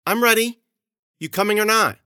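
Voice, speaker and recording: A man's voice: sits high, normal speed, pushed and bright, clean tone, dry recording, studio quality, voice pushed up. A man voicing a scared, defiant young woman. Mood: tense.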